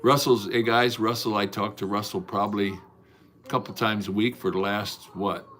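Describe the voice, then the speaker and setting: A man's voice: on the low side, steady tone, moderate pace, a bit bright. A man hosting a casual livestream from home, chatting with viewers in a folksy, rambling way, with many fillers and restarts. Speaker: livestream host. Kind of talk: casual livestream chat, greeting and answering viewers.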